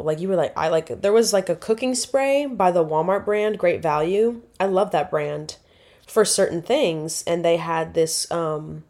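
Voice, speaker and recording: A woman's voice: lowish voice, a little mellow. A woman, hosting a casual solo podcast and rambling chattily, correcting herself as she goes. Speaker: podcast host.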